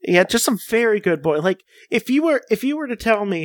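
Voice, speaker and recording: A young man chatting casually, his voice sitting a bit high. He rambles eagerly, doubling back on his words as he goes. The sound is dry and close. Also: very animated, fairly quick, few pauses, no echo. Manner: enthusiastic, rambling with many restarts. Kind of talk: casual chat.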